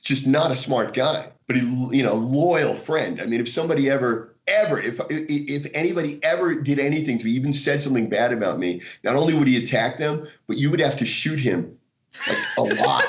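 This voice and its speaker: An American man, a guest author in a casual interview, telling animated stories with frequent laughter and restarts. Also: mid-range voice, a little fast. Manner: animated storyteller, laughs often, many restarts. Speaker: guest, martial arts author.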